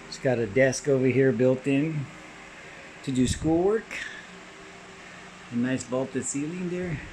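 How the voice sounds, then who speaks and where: A man with a gravelly, low-edged voice talks through a home tour in a relaxed, easygoing way, pointing out features as he moves from room to room. He is recorded on a handheld camera mic inside the house, with a faint hiss in the background. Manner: relaxed, pointing things out as he walks. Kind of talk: casual walkthrough narration.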